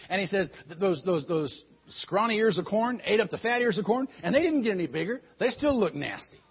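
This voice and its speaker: A man telling a Bible story in an animated way, often repeating words as he goes. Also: sits high, brisk, husky. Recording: dull lo-fi recording.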